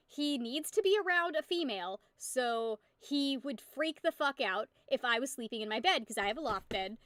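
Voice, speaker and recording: A woman's voice: high voice, a bit bright, no echo, studio quality. A young woman in her twenties streaming, chatting casually with viewers in a rambling, giggly way and swearing freely. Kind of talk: casual live-stream chat.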